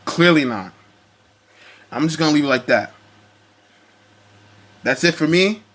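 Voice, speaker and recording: Excitable male sports vlogger, high bright voice, ranting hard. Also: measured pace. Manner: heated, ranting, animated. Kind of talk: casual sports rant.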